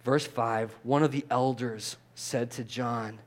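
Here a pastor preaches slowly in a mid-range voice, keeping things casual with frequent restarts and repeated words. His delivery swells, loud and animated, when he presses a point.

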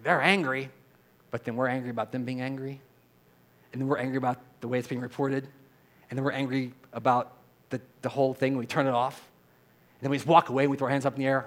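An earnest man preaching a sermon from the pulpit, his voice sitting at an ordinary middle pitch. He drops to a quiet, reflective tone, then builds to loud, emphatic repeated phrases, and leads the congregation in saying lines back to him. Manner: leads the congregation in call-and-response. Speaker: pastor.

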